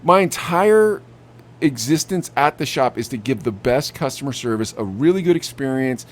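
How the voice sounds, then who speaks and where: A young man co-hosting a podcast, telling animated stories about customers at his vape shop and acting out what they said. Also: mid-range voice, moderate pace. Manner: animated storytelling, acts out customers. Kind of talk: casual chat.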